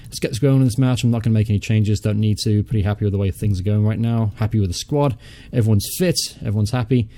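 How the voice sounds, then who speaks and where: Young male let's-play host, low-ish mellow tone, chatty, mutters and swears offhand. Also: fast talker, hardly any pauses. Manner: chatty, thinks aloud, mutters and swears casually. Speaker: gaming channel host. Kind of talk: casual let's-play commentary.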